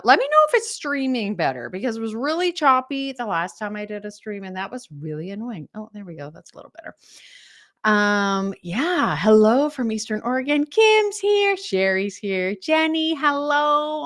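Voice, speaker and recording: A woman's voice: on the high side, big pitch swings, normal speed, fairly bright tone. Gushing, chatty middle-aged woman host, casual livestream from home. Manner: bubbly, gushing, greets viewers by name. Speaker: livestream host and decluttering coach. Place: home, recording on Vancouver Island. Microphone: camera live stream.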